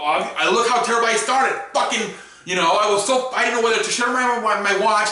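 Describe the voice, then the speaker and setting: A man's voice: high-pitched, sharp tone. A young man ranting in a profane, repetitive, exasperated way as a YouTube sports commentator. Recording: very echoey room, far from mic.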